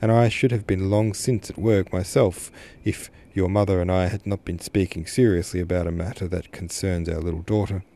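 A man's voice: low-pitched, steady tone, warm tone. A man voicing a formal, serious older merchant addressing his daughter. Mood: formal grave. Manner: measured, formal.

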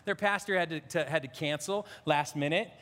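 A man in his fifties preaching a sermon as a pastor, animated and emotional, often restarting his sentences. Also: on the high side, brisk, in a large hall. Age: 50s.

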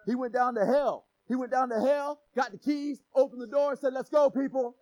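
A pastor with a strikingly high-pitched voice preaches a sermon, animated and playful as he jokes with the congregation. He punches key phrases with shouted emphasis, talking fairly quickly, and the recording is rough.

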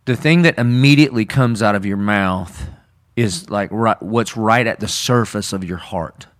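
A man's voice: lowish voice, normal speed. A man, a pastor, talking through a Bible story in conversation, earnest and casual, acting out quoted lines with rising intensity. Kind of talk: sermon-style podcast discussion.

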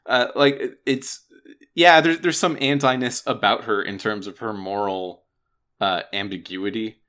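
Dude rambling on a game podcast, bright voice, keeps restarting words. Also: male voice, on the low side, fairly even intonation, measured pace. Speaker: podcast co-host. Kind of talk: casual gaming podcast chat.

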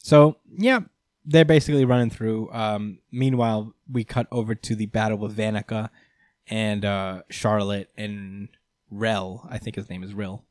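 A man's voice: lowish voice, steady tone, a little slow, a little mellow, no echo, clean studio sound. A man in casual chat, recapping a comic chapter, chatty and laughing often.

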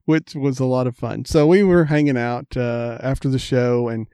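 A man's voice: medium pitch, steady tone, moderate pace, warm tone, a little hiss or hum. A man, chatting casually and telling rambling stories, acting out the voices of people in them. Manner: rambling anecdotes, acts out quoted voices. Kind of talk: casual chat, storytelling.

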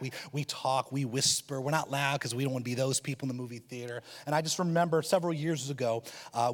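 A man preaching a sermon as a pastor, telling a personal story in an animated, humorous way. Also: medium pitch. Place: church auditorium. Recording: long reverb of a church hall.

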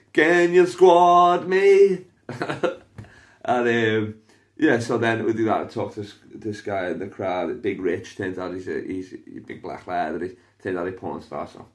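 A Liverpool-accented man with a fairly low voice tells stories on a podcast. His delivery is loose and rambling, peppered with swearing and fillers. It sounds like casual chat between friends. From Liverpool, England. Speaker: stand-up comedian and podcast host.

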